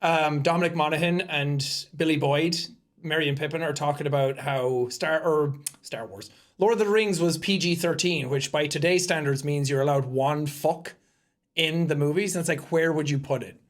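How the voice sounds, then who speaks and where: A man co-hosting a podcast in casual comedic chat, animated and giggly, full of crude jokes. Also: a little high, normal speed. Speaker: podcast co-host.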